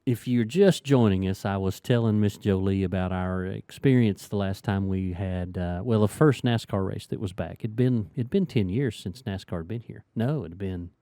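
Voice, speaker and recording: A man's voice: fairly low pitch, normal speed, hardly any pauses, no echo. A middle-aged man hosting a casual chat, telling a long story and acting out the voices of the people in it. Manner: lively storyteller who acts out quoted voices. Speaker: podcast host and sticker shop owner.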